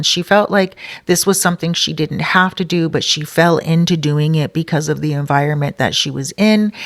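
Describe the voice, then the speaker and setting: Woman, soul coach, low voice, dry close sound; chatty storyteller who quotes people. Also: no echo. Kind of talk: casual storytelling.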